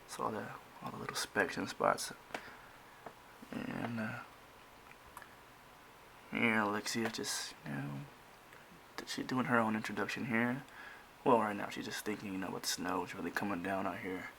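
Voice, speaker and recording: A man's voice: fairly low pitch, steady tone, moderate pace, gravelly, pauses often, noisy background. A man casually walking through pages of his own comic, rambling with many restarts and fillers. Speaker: comic creator.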